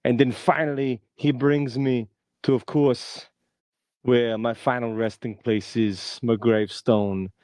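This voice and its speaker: A man's voice: medium pitch, little pitch movement, a little slow, darkish tone, no echo. A man co-hosting a podcast, telling a jokey story in a playful, casual way. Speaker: podcast co-host. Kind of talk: casual chat.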